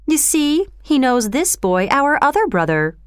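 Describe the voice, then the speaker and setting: A woman reading aloud plays a scheming young con woman with a high, shrill, showy voice. She pleads in an overacted way, smooth and clear in a dry recording. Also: very animated, a little slow, no echo. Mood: theatrical. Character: scheming young woman thief, loud and theatrical.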